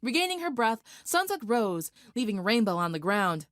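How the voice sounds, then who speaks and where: A woman narrating a dramatic fan fiction story in a steady, vivid storytelling voice. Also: on the high side, normal speed, no room sound, clean studio sound.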